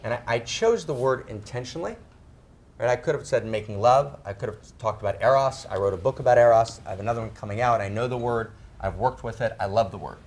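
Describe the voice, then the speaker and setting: A middle-aged man speaking to a live audience, emphatic, often tagging his phrases with "right?" and slowing down to stress key words. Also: medium pitch, expressive. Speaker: speaker on spirituality and sexuality. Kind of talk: animated talk to a live audience.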